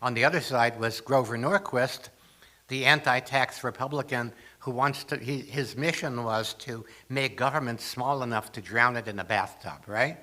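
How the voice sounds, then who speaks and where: An older man gives a light, humorous talk to a congregation, telling stories and slipping into acted lines. His voice is bright and sits at a middle pitch. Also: normal speed. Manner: storytelling with jokes and acted asides. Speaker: guest speaker.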